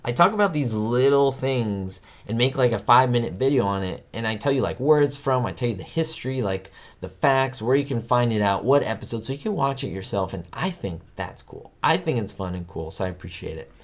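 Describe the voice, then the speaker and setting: A man hosting a trivia livestream, his pitch leaping up and down as he rambles excitedly through sitcom facts. He talks straight to his viewers in a loose, chatty way over a streaming mic. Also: a little fast, hardly any pauses. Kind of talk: casual livestream chat.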